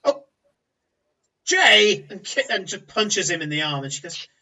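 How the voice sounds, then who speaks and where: A man's voice: on the high side, brisk, sharp tone, lo-fi sound. A man voicing a bored, sulky teenage noblewoman who whines in exasperation. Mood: bored complaining.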